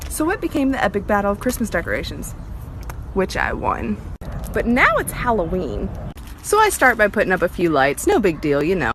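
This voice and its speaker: A woman's voice: medium pitch, huge pitch swings, moderate pace, a bit bright, a little hiss or hum. A woman telling a story with wry bragging while filming outdoors in her yard on a phone. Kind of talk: casual storytelling to a phone camera.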